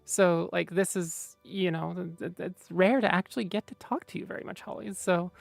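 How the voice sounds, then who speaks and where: A woman's voice: lowish voice, steady tone, normal speed, creaky, no echo, faint music behind. A woman streamer chatting casually with viewers, rambling and mumbling to herself with lots of fillers.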